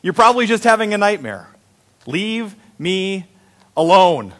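A man's voice: high voice, sing-song, measured pace, fairly bright tone, pitched above the performer's own voice, exaggerated voice. A man voicing a grumpy, sleepy old man who wants to be left alone, in a grumbling, exasperated tone.

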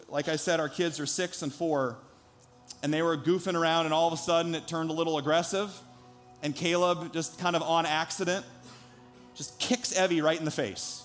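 A man's voice: fairly high pitch, a bit bright. A man in his thirties, a pastor preaching a sermon, telling a personal story earnestly before building to emphatic preaching.

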